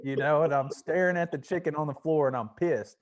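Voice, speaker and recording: A man's voice: on the high side, brisk, muffled recording. Laid-back man telling stories. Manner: laid-back storytelling with frequent swearing. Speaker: podcast host. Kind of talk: casual podcast chat.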